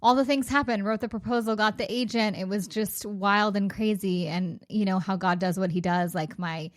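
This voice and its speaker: A talkative American woman in her forties, originally from California, speaks as a podcast guest. Her voice sits at an ordinary middle pitch, and she strings thoughts together with easy laughter and plenty of casual fillers. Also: fairly even intonation, moderate pace. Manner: chatty and upbeat, laughs often, peppers talk with "like". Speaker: guest, sobriety coach and author. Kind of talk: casual interview chat.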